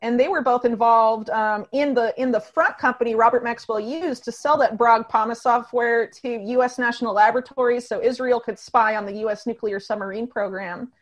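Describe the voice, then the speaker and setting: A woman talks through a long tangent in a casual podcast, piling on fillers and restarts. Her voice sits a little high. The delivery is quick and loose. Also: lo-fi sound. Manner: fast, rambling, filler-heavy storytelling.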